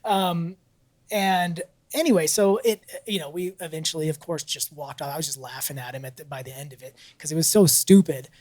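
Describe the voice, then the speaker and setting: A man's voice: fairly high pitch, a little fast, dry recording. A man co-hosting a podcast, telling a story casually, laughing often and acting out what people said. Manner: animated, laughs often, acts out quotes. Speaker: podcast co-host.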